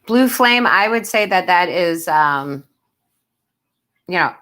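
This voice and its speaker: A woman's voice: fairly low pitch, slow, a bit bright. A woman giving tarot readings on a live stream, who chats with her viewers, calls them love and sweetheart, and laughs often. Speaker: tarot reader and medium.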